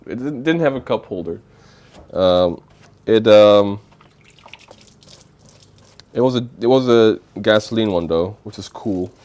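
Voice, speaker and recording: A man's voice: lowish voice, expressive, a little slow, long pauses, a little mellow. A man telling a rambling, playful story on a casual livestream, with lots of filler words. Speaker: streamer.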